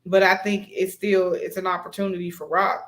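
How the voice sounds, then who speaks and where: Measured, thoughtful recap co-host. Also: medium pitch, little pitch movement, a bit bright. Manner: thoughtful, measured, hesitant fillers. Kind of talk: casual TV recap chat.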